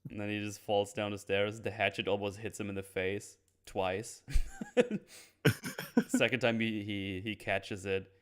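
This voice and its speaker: A man hosting a casual film review chat, laughing often and acting out characters in quick voices. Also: lowish voice, level tone, smooth. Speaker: podcast host.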